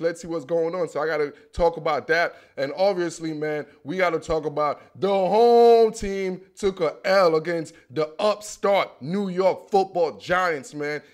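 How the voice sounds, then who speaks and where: Animated slangy young man, fairly high voice. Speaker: football show host. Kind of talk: casual sports commentary.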